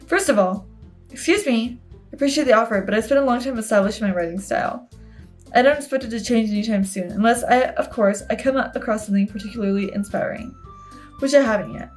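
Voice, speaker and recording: A woman reading the lines of a reserved, formal teenage girl from a game, in a measured way. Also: fairly high pitch, faint music behind, natural voice. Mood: polite.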